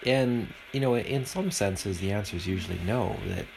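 A man's voice: on the low side, normal speed, vocal fry, background noise. A man hosting a podcast alone at home, talking in an earnest, preachy and rambling way. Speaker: podcast host. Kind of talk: casual podcast monologue.

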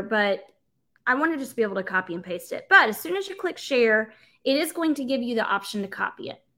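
Bright, energetic woman leading a webinar. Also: on the high side. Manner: energetic, conversational, emphatic with filler words. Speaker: workshop presenter for educators. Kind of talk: live webinar teaching, reading chat comments aloud.

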